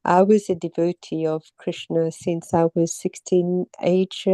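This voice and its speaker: A middle-aged woman from Mauritius tells her story casually, stopping and restarting often. She has a cold and a sore throat. Her voice sits low and mellow, recorded close and dry. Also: little pitch movement, no room sound. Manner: halting, many pauses and restarts. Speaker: interviewee, temple visitor. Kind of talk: casual personal account.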